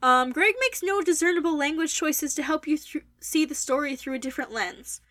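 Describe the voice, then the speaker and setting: A woman's voice: high-pitched, fairly quick, fairly bright tone. A young woman giving an opinionated, wordy critical review of a novel. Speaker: book reviewer. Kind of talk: critical book review monologue.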